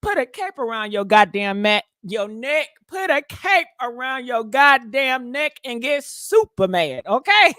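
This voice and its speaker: A woman's voice: on the high side, very animated, unhurried, a bit bright, dry recording, clean studio sound. A woman hosting a casual livestream, sassy and profane, talking straight to her chat and laughing often. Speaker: livestream commentary host.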